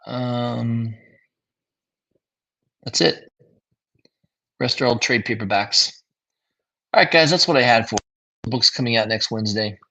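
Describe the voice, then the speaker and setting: A man's voice: medium pitch, measured pace, creaky, long pauses, bright, forceful tone. A tired man giving a casual, rambling livestream review of new comics, with lots of fillers. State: tired, yawning.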